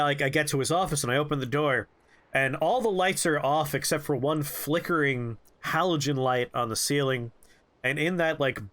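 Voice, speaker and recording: Young guy gaming and rambling thru a funny story, high lively voice, jumps around a lot in pitch. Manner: animated, rambling, jokey. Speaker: game streamer. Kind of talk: storytelling while playing a game.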